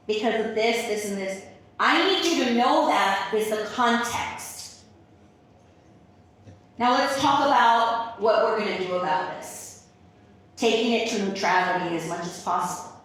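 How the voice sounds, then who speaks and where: A woman's voice: a little high, unhurried, fairly bright tone. A woman podcast host speaking emphatically in reflective conversation, repeating words for stress. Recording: echoey room, mic far off.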